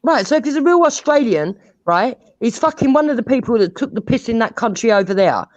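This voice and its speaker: A woman's voice: on the high side, expressive, a little fast, no room sound, dull audio. A woman arguing bluntly in a heated online debate, cutting in and pushing back. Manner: combative, interrupting, blunt. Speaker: debate participant.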